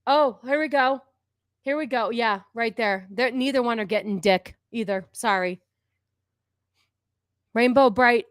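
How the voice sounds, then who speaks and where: A woman's voice: a little high, measured pace, pauses often, no room sound. Ranting woman in her forties. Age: 40s. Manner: sarcastic, profane, ranting. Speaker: streamer host. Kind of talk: live-stream commentary on videos.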